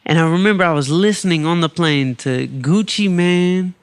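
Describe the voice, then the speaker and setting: A male podcast host tells a personal story with lively energy, slipping into other people's voices as he goes. His voice sits somewhat high for a man. The recording is close and dry, with no room sound. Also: normal speed, clear, resonant tone, no echo. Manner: animated, acts out quoted voices. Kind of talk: storytelling monologue.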